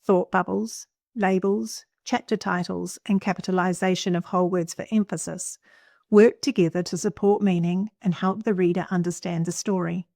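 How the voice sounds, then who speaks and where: A middle-aged woman teacher, giving a clear, expressive classroom lesson and stressing key words for young readers. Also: lowish voice, moderate pace, no echo, studio quality.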